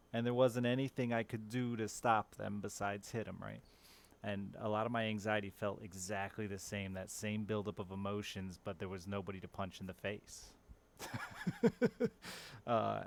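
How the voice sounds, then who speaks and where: A man's voice: on the low side, gravelly, slight background noise. A man chatting casually and candidly with his stream viewers, openly talking about his feelings and swearing now and then. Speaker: live streamer.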